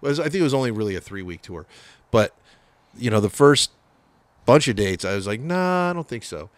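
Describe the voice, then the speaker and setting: A man from the San Francisco Bay Area, a metal guitarist telling his band's story in a casual, profane, animated way, acting out what people said. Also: on the low side, a little fast, no echo. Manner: profane, animated storyteller, acts out quoted voices.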